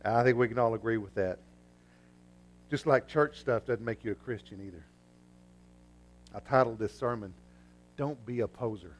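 A man preaching a sermon, telling a story and acting out the voices in it, swinging from hushed to loud. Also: medium pitch, normal speed, pauses often. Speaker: pastor.

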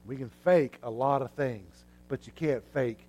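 A man preaching a sermon, telling a story and acting out the voices in it, swinging from hushed to loud. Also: mid-range voice, unhurried, faint music behind. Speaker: pastor.

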